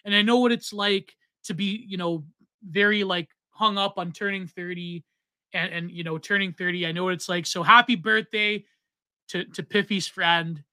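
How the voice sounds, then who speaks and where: A man in his thirties co-hosting a casual podcast, reading out donations with loud, excitable exclamations. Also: sits high, moderate pace, dry recording. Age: 30s. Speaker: podcast co-host.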